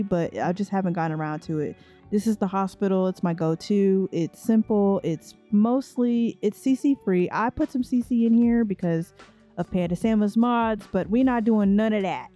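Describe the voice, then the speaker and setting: A woman's voice: mid-range voice, mellow, muffled recording. A tired young woman hosting a casual let's play, chatting straight to viewers with laughing asides. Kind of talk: casual gameplay commentary.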